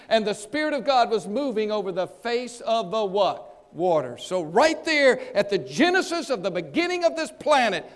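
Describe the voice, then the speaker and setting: High-voiced man preaching a dramatic sermon. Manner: dramatic preaching, acting out voices, swinging loud and soft. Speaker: pastor.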